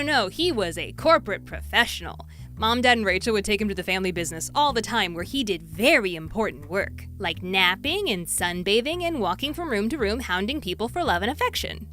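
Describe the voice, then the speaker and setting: A young adult woman telling a comedic story in a playful, animated way, swinging her voice up and down as she acts out the people she quotes. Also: mid-range voice. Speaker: storytelling YouTuber.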